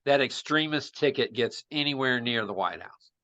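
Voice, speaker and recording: A man's voice: medium pitch, expressive, moderate pace, sharp tone, dull audio. A man co-hosting a podcast, chatting casually about politics and making bold predictions. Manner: opinionated, makes bold predictions. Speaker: podcast co-host.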